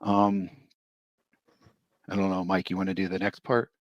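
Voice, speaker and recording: A man's voice: low voice, monotone, normal speed, no room sound, muffled recording. A man hesitantly telling his part of a story, with many fillers and restarts. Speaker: guest storyteller. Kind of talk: casual storytelling.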